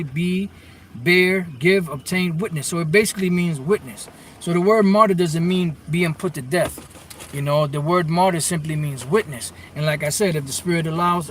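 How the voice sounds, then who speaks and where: A man's voice: fairly high pitch, fairly bright tone. A man giving an informal scripture lesson, reading verses aloud and then explaining what the words mean, often restarting his sentences. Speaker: bible teacher. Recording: distant mic with faint vehicle noise.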